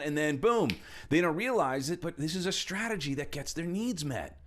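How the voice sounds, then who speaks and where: A middle-aged man giving a motivational talk as speaker and trainer, animated, swinging between loud emphasis and hushed asides while acting out quoted voices. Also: on the high side, a little fast.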